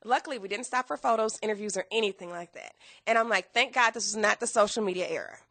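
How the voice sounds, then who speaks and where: A woman guest telling her story in a podcast interview, acting out quotes with big jumps in pitch and bursts of laughter. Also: quick pace, fairly bright tone, dry recording.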